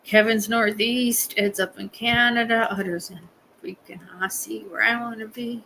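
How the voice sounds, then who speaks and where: A woman's voice: a little high, fairly even intonation, moderate pace, gravelly, bright, forceful tone, a little hiss or hum, poor audio. A woman hosting a live stream, chatting casually with viewers in a rambling way and laughing often. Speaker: livestream host.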